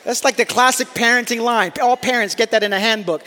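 A man preaching a sermon to a congregation, earnest and emphatic, sometimes pushing to near-shouts on key points. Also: very high-pitched, fairly quick, few pauses. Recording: long hall reverb.

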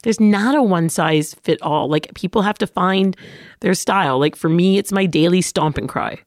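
A woman's voice: on the low side, normal speed, no echo, studio quality. A woman in casual conversation, explaining her own routine in an earnest, upbeat way. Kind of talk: casual chat.

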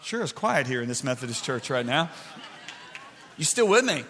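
A man preaching a sermon in a church, animated and building to shouts. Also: mid-range voice, normal speed, in a large hall, a little hiss or hum.

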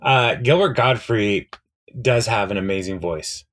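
A man's voice: fairly low pitch, animated, unhurried, fairly bright tone. A man co-hosting a podcast, casually recapping a TV episode in a rambling way, with lots of fillers and frequent laughs. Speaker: podcast co-host.

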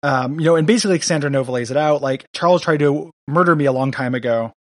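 This co-host talks fast in a higher voice, rambling with plenty of fillers about a comic book and reading villain lines out loud. The recording is dry and of studio quality.

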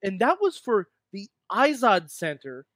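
A man co-hosting a casual wrestling talk show, telling stories with animated, mocking sung bits. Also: sits high, a little slow, no echo, studio quality. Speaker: podcast co-host. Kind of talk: casual chat.

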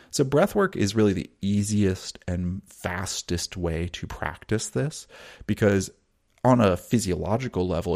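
A man guides listeners through breathing practice in a calm, measured monologue. His voice sits fairly low with a gravelly, fried texture. He talks in a soothing way and leaves long pauses. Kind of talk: teaching monologue.

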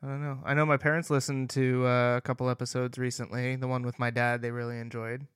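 A man co-hosting a podcast, talking loosely and laughing at his own jokes. His voice is smooth and clear, recorded dry and close with no room around it. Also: medium pitch, level tone, fast, dry recording. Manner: joking, laughs often, trails off with fillers. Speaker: podcast co-host. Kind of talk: casual chat.

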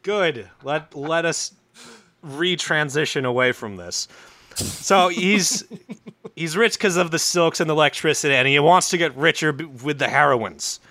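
A man co-hosting a comedy podcast, telling a story in a loose, profane, drawn-out way. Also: on the high side, lively intonation, pushed and bright, no echo.

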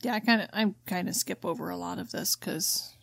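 A woman with a fairly low, creaky voice co-hosts a book discussion podcast at a brisk pace, on a dry recording. She reads quotes out loud, then unpacks them plainly in relaxed chat.

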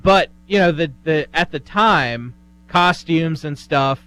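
A man co-hosts a radio show from a studio, talking fast in loose, casual banter. His voice sits slightly high for a man. He drops in teasing, joking lines between his partner's stretches of talk. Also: bright, forceful tone, smooth. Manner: quick, joking interjections.

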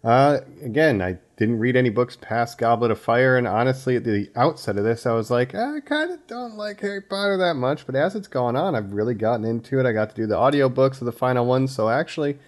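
A man's voice: mid-range voice, quick pace, hardly any pauses. A man co-hosting a podcast, teasing his friends playfully and chatting casually. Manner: playful, laughing banter. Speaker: podcast co-host. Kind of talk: casual chat.

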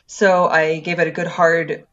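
A woman co-hosting a podcast who explains a craft mishap in careful, measured detail. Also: deep voice, flat delivery, a bit bright. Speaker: podcast co-host. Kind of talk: casual chat. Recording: dull lo-fi mic.

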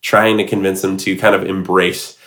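A man's voice: low-pitched, level tone, moderate pace, a bit bright. Chatty enthusiastic male podcast co-host. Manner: enthusiastic, chatty, many fillers. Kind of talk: casual recap chat.

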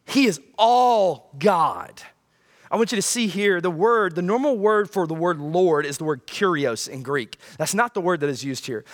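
A male pastor preaching a sermon, swinging between loud high bursts and quiet low lines.

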